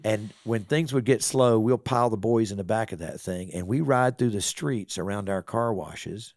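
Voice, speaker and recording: A man's voice: fairly low pitch, moderate pace, darkish tone, no echo, studio quality. A middle-aged man, a car wash owner telling a story on a podcast and acting out both sides of the conversation. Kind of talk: casual storytelling interview.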